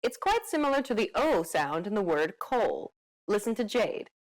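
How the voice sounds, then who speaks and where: A woman narrating a pronunciation lesson in a clear, explanatory scripted style. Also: mid-range voice, very animated, normal speed.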